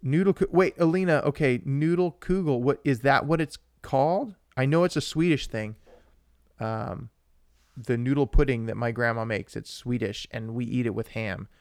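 Young male podcast co-host, excitable rambler, mid-pitched, dry close sound. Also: normal speed, no echo. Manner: rambling and excitable, with frequent restarts and asides to viewers. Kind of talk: casual live-stream chat.

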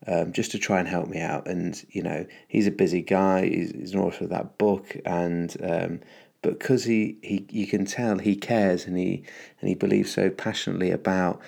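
Deep, gravelly upbeat man. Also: little pitch movement, moderate pace, darkish tone. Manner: rambling, upbeat, many fillers and restarts. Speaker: podcast host. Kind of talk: casual solo podcast monologue.

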